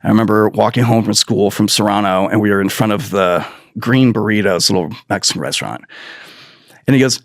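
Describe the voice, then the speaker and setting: A man's voice: on the low side, fairly quick, no echo, studio quality. A man hosting a podcast, delivering a profane, sarcastic political rant full of mocking mimicry. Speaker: podcast host.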